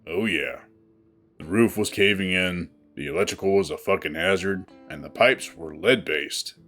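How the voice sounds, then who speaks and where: A man's voice: low voice, moderate pace, fairly bright tone, faint music behind. A man voicing a blunt, stone-faced male gila monster who speaks curtly and swears.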